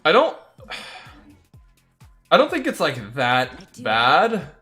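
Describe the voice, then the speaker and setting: Bright-voiced male game streamer. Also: a little high, huge pitch swings, slow, soft background music. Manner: candid, rambling opinions, reads chat aloud. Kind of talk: casual gaming stream chat.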